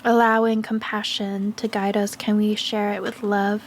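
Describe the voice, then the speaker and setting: Soft-spoken woman reading oracle cards. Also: mid-range voice, little pitch movement, slight background noise. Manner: soft, slow, affirming, with pauses and fillers. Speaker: tarot and oracle card reader. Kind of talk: gentle spiritual card reading.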